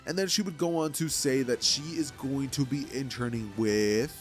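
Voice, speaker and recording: A man's voice: medium pitch, animated, normal speed, faint music behind. A man casually telling a fan-made story, rambling and filling with "like" and "you know".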